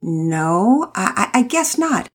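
A woman's voice: medium pitch, very animated, slow pace, slightly rough, voice pushed up, exaggerated voice. A woman voicing a bratty, mocking young girl who gets flustered and stammers when scolded. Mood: sheepish.

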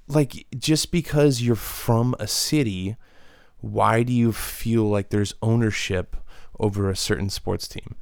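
A man's voice: fairly low pitch, takes it slowly, creaky, darkish tone, clear, resonant tone, no room sound, clean studio sound. A man hosting a solo podcast, ranting in a profane, exasperated way with lots of restarts. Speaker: podcast host. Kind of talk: solo comedic rant.

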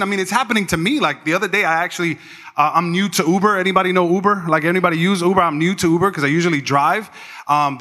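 A man preaching in a church, chatty and animated, slipping into voices for the people in his stories. His voice sits a bit high and sounds bright and sharp. A long reverb from the hall trails behind every phrase. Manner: animated storyteller, acts out quoted voices. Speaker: pastor. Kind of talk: conversational sermon with storytelling.

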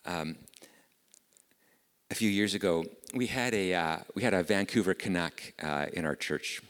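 A man's voice: low-pitched, a little slow, fairly bright tone, clean tone, long reverb tail. A middle-aged man, preaching a sermon in an earnest, conversational way, full of rhetorical questions. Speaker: pastor. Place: church.

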